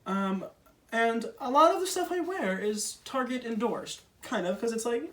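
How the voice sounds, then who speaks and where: A man's voice: high voice, expressive, moderate pace, a bit bright, distant mic. A young man performing a casual stand-up monologue, chatty and self-deprecating with lots of fillers. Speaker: stand-up comedian.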